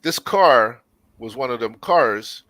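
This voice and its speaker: Bright, lively male panelist, blunt. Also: medium pitch, slow, dry recording. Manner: profane storyteller, blunt opinions. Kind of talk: casual panel discussion.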